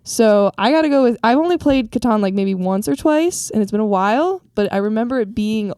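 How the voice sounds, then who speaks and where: A young woman offers her opinion on a podcast in a chatty, hesitant way, her thoughts trailing off and restarting. Her voice sits fairly high. The recording is close and dry. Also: lively intonation, brisk, warm tone, clean tone, dry recording. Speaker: podcast co-host. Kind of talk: casual debate chat.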